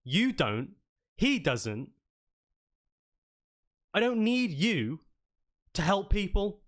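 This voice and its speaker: A man's voice: medium pitch, expressive, takes it slowly. A man voicing a defiant young male guardsman who speaks emphatically.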